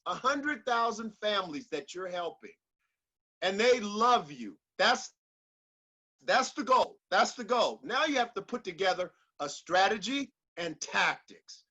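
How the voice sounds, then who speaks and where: A man's voice: sits high, sharp tone, poor audio. A man giving a motivational speech in an emphatic, repetitive, preacher-like delivery. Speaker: motivational speaker.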